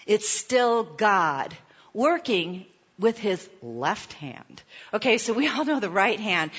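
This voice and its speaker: A woman pastor giving a sermon, telling a personal story in a playful, animated way with asides. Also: on the high side, normal speed, slightly rough, highs cut off.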